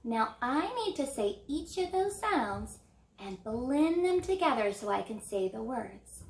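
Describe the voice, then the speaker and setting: A woman teacher walks young children through letter sounds in a bright, encouraging, sing-song voice. Her pitch sits a little high, and the room gives her words a noticeable echo. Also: sing-song, unhurried. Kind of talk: early reading lesson for children.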